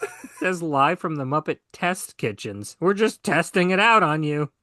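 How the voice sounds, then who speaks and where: A man's voice: fairly high pitch, animated, moderate pace, bright, forceful tone, no room sound. A man co-hosting a podcast, making dry, jokey asides in casual chat. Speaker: podcast co-host.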